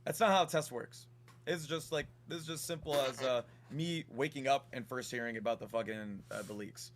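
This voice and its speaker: Halting man in a stream clip. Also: medium pitch. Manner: halting, stammering restarts. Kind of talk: casual stream talk.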